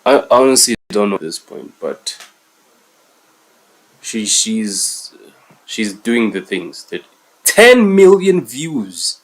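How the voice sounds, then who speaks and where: A man's voice: fairly low pitch, takes it slowly, long pauses, low-quality recording. A man streaming live reactions to video clips, exclaiming a lot and repeating himself. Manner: exclaims a lot, repeats words, calls everyone bro. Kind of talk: casual live reaction commentary.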